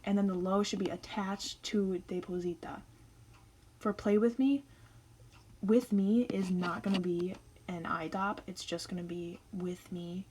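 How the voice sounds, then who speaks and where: A young woman talking through a Spanish lesson in a relaxed, chatty way, taking it one step at a time. Her voice sits at a middle pitch. A faint hiss of noise runs under the recording. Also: unhurried, poor audio. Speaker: Spanish teacher. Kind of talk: casual explainer lesson.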